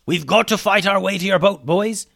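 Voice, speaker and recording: A man's voice: high voice, moderate pace, vocal fry, pitched above the performer's own voice, heavily acted. A man doing a frantic squawky chicken wizard. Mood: urgent. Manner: shouting, frantic. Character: frantic male chicken wizard, old and excitable.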